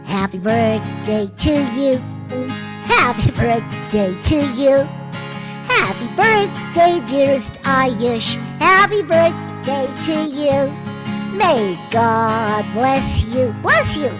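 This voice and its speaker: A woman doing a special playful sing-song voice for a children's singalong, over loud guitar music. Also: a little high, big pitch swings, measured pace. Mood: cheerful singsong. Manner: bouncy, playful nursery-rhyme singing.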